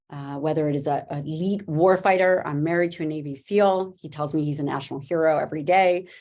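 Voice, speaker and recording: An American woman, a physician, giving a lively slide presentation and telling stories in an emphatic style with frequent asides. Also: lowish voice. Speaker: physician giving an online talk.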